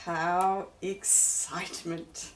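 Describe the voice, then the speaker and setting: A woman's voice: fairly low pitch, level tone, drawn-out words, a little hiss or hum. A woman vlogger unboxing a luxury handbag, talking in a gushing, effusive way about every detail.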